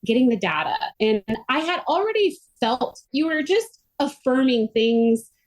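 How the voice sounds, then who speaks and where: A middle-aged woman telling her story as a podcast guest, earnest and animated, full of "like" fillers. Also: high-pitched, measured pace. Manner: earnest and animated, frequent "like" fillers, quotes others in her own voice. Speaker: podcast guest, myofascial release therapist. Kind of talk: conversational interview storytelling.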